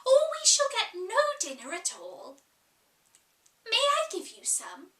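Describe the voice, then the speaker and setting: A woman's voice: very high voice, wildly swooping pitch, slow, sharp tone, recorded from a distance, pitched above the performer's own voice, exaggerated voice. A woman voicing a polite, curious young girl who speaks eagerly and a little hastily. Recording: echoey room, voice off-mic.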